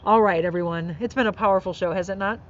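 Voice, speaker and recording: Birdsong and faint outdoor noise surround a woman hosting a live inspirational podcast outside. She talks fast at a medium pitch, earnest and encouraging about faith and kindness, on a muffled recording.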